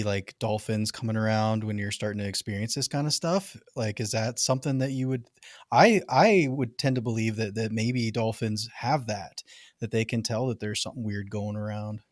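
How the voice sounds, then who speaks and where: A man's voice: fairly low pitch, no room sound, clean studio sound. A man co-hosting a podcast, thinking aloud as he asks a question. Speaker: podcast co-host. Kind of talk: casual podcast chat.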